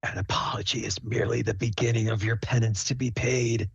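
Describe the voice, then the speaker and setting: A man in a whispered role-play, voicing ominous disembodied whispers in a slow, menacing hush. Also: medium pitch, fairly even intonation, creaky, husky, dry recording, highs cut off, pitched above the performer's own voice.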